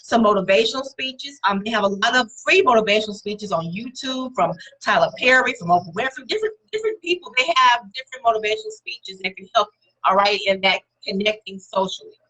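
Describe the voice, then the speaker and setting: Bright-voiced woman giving casual pep talk. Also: mid-range voice, fairly quick, poor audio. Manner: encouraging, repetitive emphasis, conversational; speaks directly to viewers and names them.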